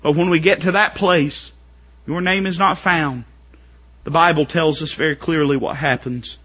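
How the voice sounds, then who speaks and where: Bright-voiced preacher man, dull recording. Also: fairly high pitch, fairly even intonation, normal speed, slightly rough. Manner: building to shouted, strained pleading climaxes. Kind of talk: sermon.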